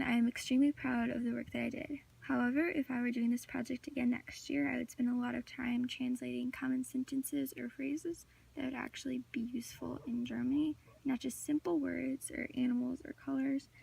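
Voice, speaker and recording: A woman's voice: sits high, flat delivery, normal speed, vocal fry, warm tone, slightly rough. A teenage girl giving a class project presentation, reading a prepared talk with occasional filler words. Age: teens. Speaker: student presenter. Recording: voice distant from the mic.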